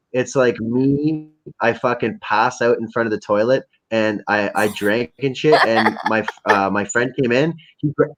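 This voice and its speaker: Profane rambling guy, lo-fi. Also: mid-range voice. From Canada. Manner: rambling, profane, jokey storytelling. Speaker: livestream host. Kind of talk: casual livestream chat. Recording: dull lo-fi stream audio.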